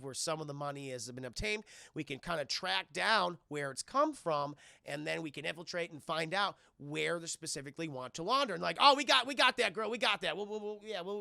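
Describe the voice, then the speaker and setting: A man streaming live, recapping a film scene by scene in a profane, animated way and acting out the characters' lines. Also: a little high, creaky, no echo, clean studio sound.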